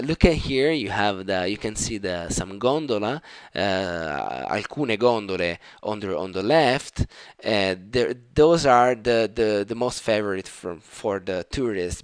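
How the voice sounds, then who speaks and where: A man's voice: mid-range voice, clean tone, no echo. A man with an Italian accent, native Italian, teaching Italian in an online lesson with enthusiasm and many fillers and restarts.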